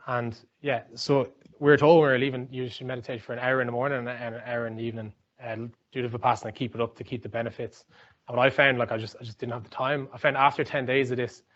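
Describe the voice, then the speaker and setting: Fast-talking Irish man, lo-fi. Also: mid-range voice, a bit bright. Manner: rambling, chatty, many fillers and restarts. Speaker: speaker giving a talk. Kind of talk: informal talk with anecdotes. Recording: dull lo-fi sound.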